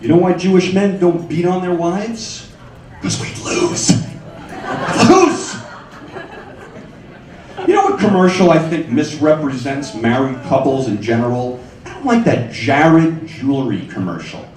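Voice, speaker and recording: A man in his forties doing a stand-up set in a comedy club, wry and punchy, with sudden high squeals on his punchlines. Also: animated, moderate pace, a little mellow. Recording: echoey club sound from far off.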